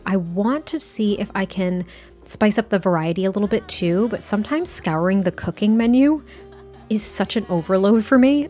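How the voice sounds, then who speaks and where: A chatty woman narrating her life-sim gameplay as a YouTuber, giddy and quick to laugh. Her voice sits in a middle range, with soft music playing faintly beneath. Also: medium pitch. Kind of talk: casual gameplay commentary.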